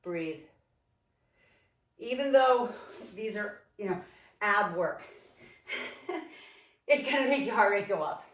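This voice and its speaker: A woman leading a home workout, coaching and counting down reps in an energetic, encouraging way while out of breath. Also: mid-range voice, takes it slowly, pauses often. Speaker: fitness instructor. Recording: echoey room, mic far off.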